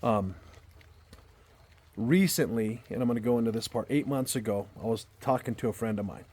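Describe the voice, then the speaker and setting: Outdoors at night in a backyard, a storyteller vlogger with a husky, darkish, medium-pitched voice tells a personal story at a moderate pace. He's earnest and heartfelt yet casual, rambling and regularly restarting or repeating words.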